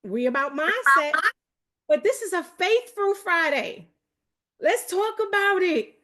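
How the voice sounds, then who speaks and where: Hosting a live motivational coaching session online, this woman from New York speaks in a very high voice with a clear New York accent. Her delivery is quick and energetic, building hype and repeatedly addressing her listeners.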